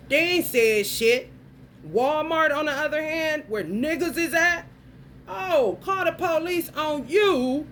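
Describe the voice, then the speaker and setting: A woman's voice: high voice, slow pace, a bit bright, slight background noise. A woman vlogger delivering a blunt, crude rant full of swearing and street slang. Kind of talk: profane stream-of-consciousness rant.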